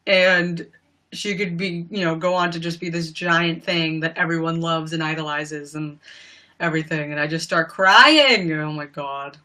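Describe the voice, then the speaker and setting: A young woman chats casually to her livestream audience. Her voice is bright and sits a little low. She gushes and rambles, piling on "like" and "you know" as she talks. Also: a little slow. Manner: chatty and gushing, full of "like" and "you know". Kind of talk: casual live-stream chat.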